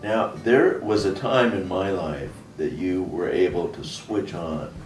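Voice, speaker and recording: A man's voice: sits low, unhurried. A man, her son, casually interviewing his mother and prompting her with questions, laughing easily. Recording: roomy, distant mic, music behind.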